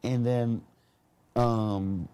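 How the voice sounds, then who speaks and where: A man casually telling a story on a podcast, animated and slangy, often laughing as he talks. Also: mid-range voice, extremely slow, clear, resonant tone. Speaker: podcast guest.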